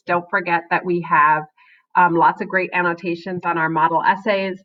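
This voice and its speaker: A woman's voice: fairly low pitch, highs cut off. A woman teacher giving a recorded writing lesson to her class, encouraging and often checking in with "right?" between points.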